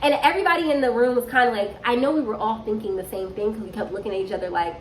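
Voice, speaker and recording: A woman's voice: on the high side, very fast, few pauses. A woman in her twenties telling a story casually and animatedly on her vlog, acting out what people said. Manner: animated, dramatic retelling with quoted voices. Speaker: storytime vlogger. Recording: roomy echo with faint background hum.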